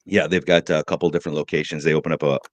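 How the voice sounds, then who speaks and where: A middle-aged man co-hosting a morning show, telling rambling, joking stories in a relaxed chat. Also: very deep voice, rapid-fire, dry recording. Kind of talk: casual chat.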